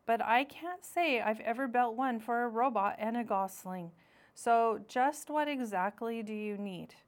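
A woman voicing a grumpy, stubborn male beaver who talks in a gruff, curt way. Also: on the high side, unhurried, natural voice.

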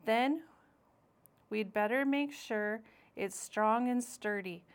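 A woman voicing a grumpy, stubborn male beaver who talks in a gruff, curt way. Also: on the high side, takes it slowly.

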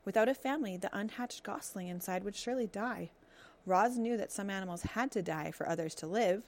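A woman reading a children's novel aloud as narrator, telling the story in a steady, expressive way. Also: mid-range voice, normal speed.

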